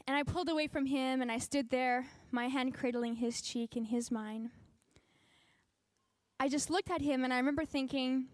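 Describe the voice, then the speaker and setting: A woman's voice: sits high, no room sound. A woman giving a personal testimony at a faith convention, telling her story with animation and acting out the quotes.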